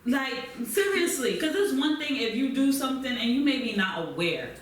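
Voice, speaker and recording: A woman's voice: high voice, very animated, moderate pace, a little hiss or hum. Emphatic woman, echoey far-off room. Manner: emphatic, blunt, repeats points for stress. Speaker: podcast co-host. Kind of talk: casual chat.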